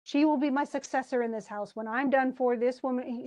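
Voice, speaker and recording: Chatty woman teacher, higher voice. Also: fairly even intonation, a little fast, a little mellow. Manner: chatty, reads quotes aloud, laughs often. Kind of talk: literature class discussion.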